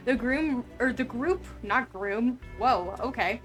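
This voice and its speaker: A woman game master talking with her players over an online call, chatty and laughing often, narrating the scenes in a steady storyteller's read. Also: on the high side, takes it slowly, hardly any pauses, soft background music. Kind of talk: narrating a tabletop game on a live stream.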